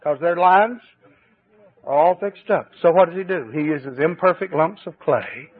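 A man preaching a fervent sermon at a church service, his voice swinging between high exclamations and low, confiding asides. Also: measured pace, husky. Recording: tinny old cassette tape recording.

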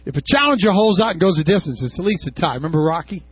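Husky male preacher, high voice jumping all over, dry dull recording. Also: animated, quick pace, dry recording. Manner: impassioned, with shouted peaks and casual asides. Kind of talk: sermon. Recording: dull lo-fi sound.

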